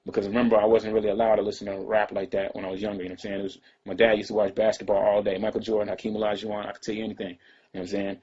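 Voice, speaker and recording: Fast-talking laid-back man, husky. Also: on the low side, little pitch movement. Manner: laid-back, rambling, slangy, trails off into quiet asides. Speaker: rapper telling a personal story. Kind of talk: casual storytelling to camera. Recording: dull lo-fi sound.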